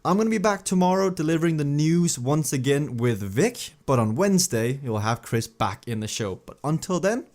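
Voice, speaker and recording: A man's voice: on the high side, lively intonation, normal speed, hardly any pauses, darkish tone. A man hosting a cycling news show, giving a chatty, enthusiastic recap and analysis of a race stage. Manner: chatty and enthusiastic, with frequent "I mean" asides.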